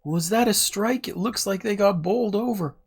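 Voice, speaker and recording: A man's voice: high voice, normal speed, gravelly, husky. A young man streaming a game playthrough, chatting casually and asking viewers for feedback. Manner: chatty, asks chat for feedback. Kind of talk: casual livestream gameplay commentary. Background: faint game music.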